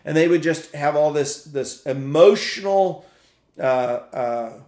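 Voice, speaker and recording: A man preaching a sermon for a podcast in a reflective, halting way, often repeating words as he searches for the next thought. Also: fairly high pitch, animated, darkish tone, roomy sound. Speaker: pastor.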